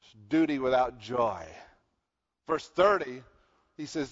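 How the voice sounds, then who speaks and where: A man preaching a sermon in a lively style, swinging from loud bursts to quiet asides, from the American South. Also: medium pitch, unhurried, long pauses, big-room sound, highs cut off. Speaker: pastor.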